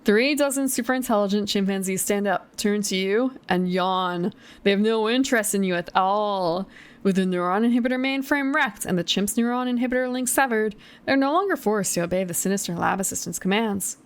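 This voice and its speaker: A young woman streams herself reading a gamebook aloud, in a voice of ordinary middle pitch. She breaks off into chatty, giggly, self-deprecating remarks. Her tone stays casual throughout. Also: fairly quick, clear, resonant tone.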